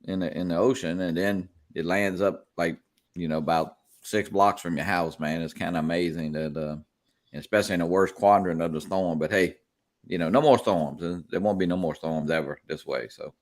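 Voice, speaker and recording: A man's voice: low-pitched, fairly even intonation, moderate pace. A man from South Louisiana, hosting a casual live chat in a laid-back, chatty way and laughing often. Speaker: host of a live drone chat.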